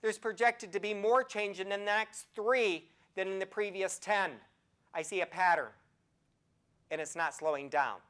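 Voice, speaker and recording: A nursing professor in her sixties gives a health talk, telling stories with animation and putting questions straight to her audience. Her voice is medium in pitch, smooth and unhurried.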